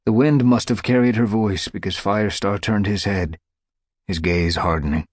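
A man narrating an audiobook in a dramatic, measured way. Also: on the low side, fairly even intonation, no echo, studio quality. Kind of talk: scripted narration.

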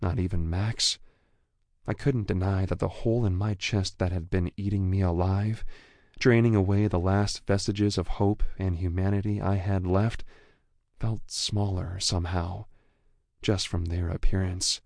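A man reads a first-person novel in a low, gravelly voice. His delivery is slow and measured. The recording is dry and close, with no room sound. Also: fairly even intonation, a little mellow, no room sound. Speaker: audiobook narrator. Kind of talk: first-person scripted narration.

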